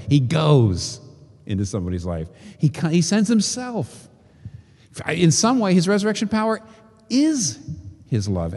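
A man preaching a sermon, working through rhetorical questions and slow, emphatic repetitions. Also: lowish voice, warm tone. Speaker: pastor. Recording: long reverb of a large hall.

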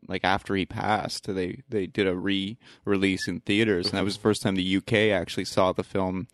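A man with a lowish voice hosts a casual film podcast. He talks in a relaxed, chatty way and laughs easily. The sound is dry and close. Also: moderate pace, no echo. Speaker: podcast host.

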